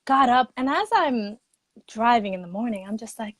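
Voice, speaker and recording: A woman speaking as a guest expert in a casual livestream chat. She tells her stories with animated energy, laughing easily and acting out quoted lines. The sound is dry and close. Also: mid-range voice, brisk, no room sound.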